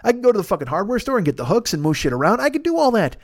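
Profane, fast-talking male podcast host. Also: high voice, sing-song, no room sound, clean studio sound. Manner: profane, rambling, self-deprecating. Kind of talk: comedic monologue.

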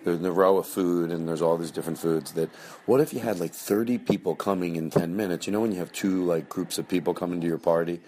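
A man with a very deep voice talks loosely as a podcast host. He rambles, stops himself mid-sentence and drops casual swears. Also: fast, mellow, a little hiss or hum.

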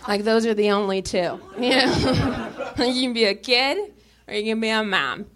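Halting young woman doing stand-up, noisy club. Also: a little high. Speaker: stand-up comedian. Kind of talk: stand-up set. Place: comedy club stage.

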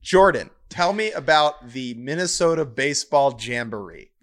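A man's voice: mid-range voice, animated, normal speed. A young man hosting a podcast, chatting casually and making dry, wry remarks. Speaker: podcast host. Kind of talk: casual chat.

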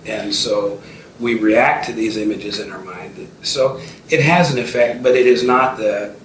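A man in his fifties, an entrepreneur, tells stories as a guest in a casual interview, often restarting and using fillers. His voice is fairly low and a bit bright, at a measured pace. The recording sounds roomy and distant, with faint noise.

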